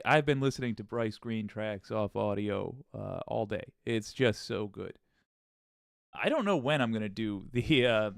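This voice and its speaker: A man chats live with his viewers, his pitch swinging freely as he greets them by name. His voice comes through smooth and clear, close to a dry microphone. He talks casually, restarting his sentences now and then. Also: fairly bright tone, dry recording. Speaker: livestream host. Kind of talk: casual live-stream talk to chat.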